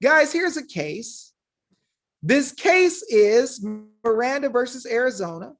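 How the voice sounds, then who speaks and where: High-voiced fiery woman lecturing viewers. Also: sing-song, slow. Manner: fiery, preachy, piles up rhetorical questions; addresses viewers as y'all. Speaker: online legal rights commentator. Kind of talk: impassioned monologue to viewers.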